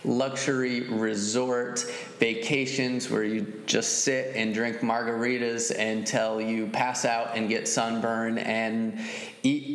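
A man hosting a podcast in casual chat, loose and profane with plenty of fillers. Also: mid-range voice. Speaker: podcast host.

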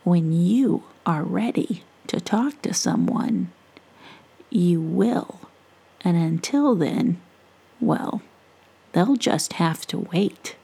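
A woman voicing a gentle, wise and playful witch in a breathy, half-whispered story voice. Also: lowish voice, expressive, drawn-out words, long pauses, heavily acted. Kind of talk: whispered role-play.

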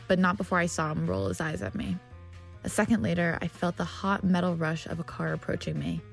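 A woman's voice: fairly low pitch, gravelly. A woman telling her own story as scripted narration, tense and vivid. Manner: tense, vivid storytelling with heated quoted outbursts.

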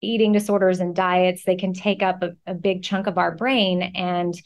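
A woman's voice: on the low side, flat delivery, normal speed. An enthusiastic woman hosting a podcast. She talks in a casual, friendly way, heaping compliments on her guest and asking open questions. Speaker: podcast host. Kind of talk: casual interview chat.

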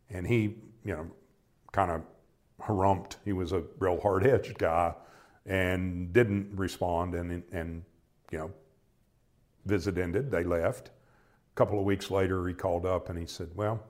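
Casual, slow-building: deep-voiced older man recounting a personal memory. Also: steady tone, darkish tone. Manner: reflective, halting, with many restarts and quoted dialogue. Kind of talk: personal storytelling.

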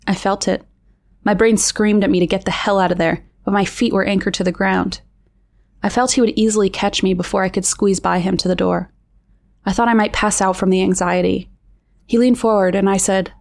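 Female narrator, mid pitch, tense intimate read of a true story. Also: gravelly, darkish tone.

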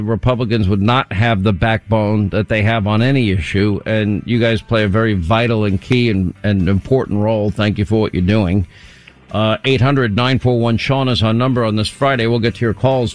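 A man hosting a talk radio show, delivering brisk, emphatic, rhetorical commentary from a studio microphone. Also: on the low side, steady tone.

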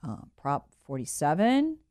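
A woman's voice: deep voice, big pitch swings, measured pace, a little mellow. A woman hosting a political commentary show, telling the story in a sarcastic, mocking way.

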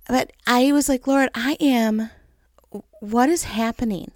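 A woman's voice: fairly high pitch, creaky, darkish tone, no echo, studio quality. A woman vlogger talking openly and emotionally to her viewers at home, laughing at herself as she shares her faith. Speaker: Christian vlogger. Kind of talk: candid personal talk to camera. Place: home in snowy region.

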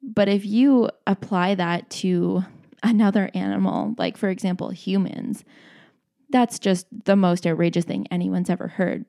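A young woman in her twenties chats casually to camera, her voice mellow and low in tone with a gravelly edge. She talks in loose, rambling sentences full of filler words and restarts. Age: 20s. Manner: chatty, frequent "like" fillers and restarts. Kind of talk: casual vlog talk.

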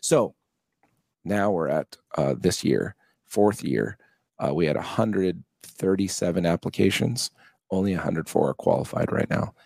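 Gravelly deep-voiced man in his fifties. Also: measured pace, no room sound, studio quality. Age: 50s. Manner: animated, acts out quoted voices, laughs often. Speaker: guest, charity co-founder. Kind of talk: casual interview storytelling.

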